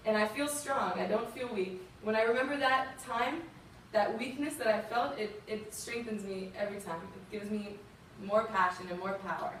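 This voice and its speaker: A woman's voice: medium pitch, moderate pace, fairly bright tone, a little hiss or hum. Young Southern woman, guest speaker, heartfelt storytelling, distant mic, big reverberant room. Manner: earnest, emotional, conversational with fillers. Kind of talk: personal story talk to a youth audience.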